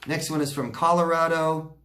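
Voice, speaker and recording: A man's voice: a little high, steady tone, normal speed, sharp tone. A man answering viewer questions as a recovery coach, talking directly and reassuringly and often checking in with "okay?". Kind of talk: casual Q&A advice talk.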